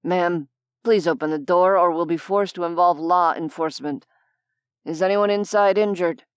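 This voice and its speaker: Woman narrator doing a low, clipped hotel manager, all business; dry booth sound. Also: steady tone, normal speed, clear, resonant tone, dry recording, natural voice. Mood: officious. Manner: formal, clipped, officious.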